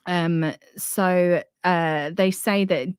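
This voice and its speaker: A woman's voice: on the low side, steady tone, extremely slow, clear, resonant tone, no echo, studio quality. A young woman from near London with an Estuary English accent, hosting a casual live chat in a frank, chatty way. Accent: Estuary English, London area. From England, near London. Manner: chatty, frank, laughs easily, swears casually. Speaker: podcast host. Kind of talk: casual live-stream discussion.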